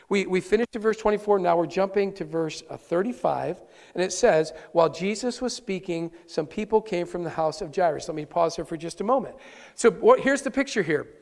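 A man preaching a sermon as pastor, earnest and conversational, talking straight to his congregation. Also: high-pitched. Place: church sanctuary. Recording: long reverb of a large hall.

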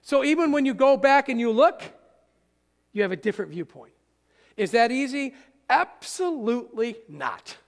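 High-voiced gravelly male pastor preaching. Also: moderate pace. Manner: animated, asks the audience questions. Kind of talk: sermon. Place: church sanctuary. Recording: church hall with long reverb.

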